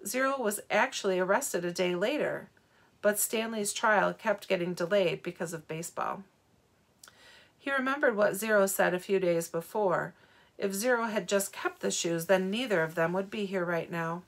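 A woman, a teacher, reading a novel aloud to her students in a calm, steady storytelling manner. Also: medium pitch, moderate pace. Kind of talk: read-aloud storybook narration.

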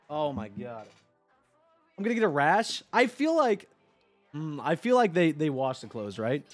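A young man chatting on a live stream, rambling excitedly, swearing and talking to his chat. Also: a little high, measured pace, faint music behind.

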